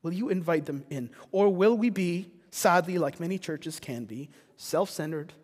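A man's voice: a little high, expressive, moderate pace, a little mellow. A man preaching a sermon as pastor, earnest and rising to passionate rhetorical questions. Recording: long reverb of a church hall.

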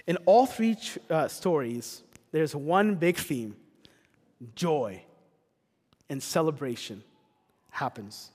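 A man's voice: on the high side, animated, takes it slowly, long pauses, darkish tone. A man preaching a sermon as pastor, earnest and rising to passionate rhetorical questions. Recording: long reverb of a church hall.

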